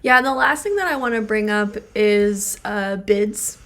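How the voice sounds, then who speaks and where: A woman's voice: medium pitch, a little slow, fairly bright tone. A woman co-hosting a relationship podcast as a therapist, explaining ideas through everyday examples with lots of filler words. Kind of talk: casual podcast conversation.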